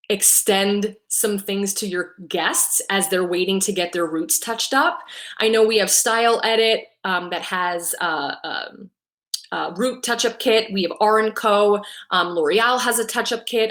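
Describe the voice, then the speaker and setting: A woman's voice: mid-range voice, fairly bright tone. Woman, middle-aged, live-stream coach, upbeat, keeps asking "right?", emotional at times. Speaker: salon business coach. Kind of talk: live-streamed motivational talk.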